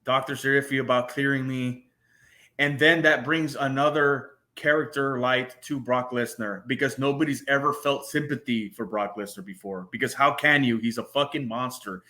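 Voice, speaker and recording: Bright-voiced excitable man. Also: mid-range voice, moderate pace, few pauses. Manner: excited, profane, stumbling restarts. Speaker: guest panelist. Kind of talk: casual podcast chat.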